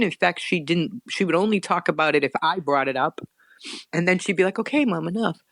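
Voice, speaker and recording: Woman, middle-aged, mid-pitched voice, earnest and emotional, dry close recording. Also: no room sound. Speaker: guest. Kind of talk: personal story told in an interview.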